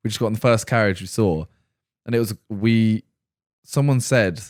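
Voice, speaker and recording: A young man with a lowish voice chats on a podcast. His delivery is laid-back and matter-of-fact, close on a dry mic. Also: moderate pace, no room sound. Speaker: podcast co-host. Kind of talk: casual chat.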